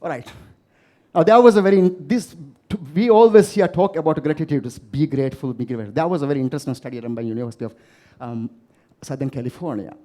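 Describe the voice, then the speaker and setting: A man's voice: fairly high pitch, fast talker, dark tone. A man from the Maldives giving a motivational keynote talk to a live audience, telling stories and asking the audience questions. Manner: storytelling, asks the audience questions. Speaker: keynote speaker.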